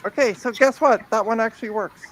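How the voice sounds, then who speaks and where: A woman hosting a retro computer stream, chatting upbeat while she tests hardware and thinks out loud. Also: on the high side, a little fast, low-quality recording. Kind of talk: casual chat while testing computers.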